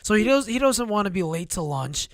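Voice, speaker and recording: A man co-hosting a talk show who tells rambling, animated stories with many restarts. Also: sits high, brisk, dry recording, clean studio sound. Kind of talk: casual storytelling chat.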